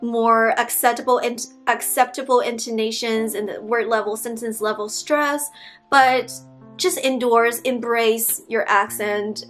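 A woman's voice: on the high side, a bit bright. Chatty young woman, non-native English speaker. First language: not English. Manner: earnest, chatty, frequent "like" fillers. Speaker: vlogger giving language-learning tips. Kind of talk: casual talk to camera.

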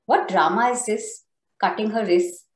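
A woman's voice: unhurried, close to an everyday voice. A woman voicing a scornful, mocking middle-aged mother-in-law in a book reading. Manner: shrill, mocking, contemptuous. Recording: roomy echo.

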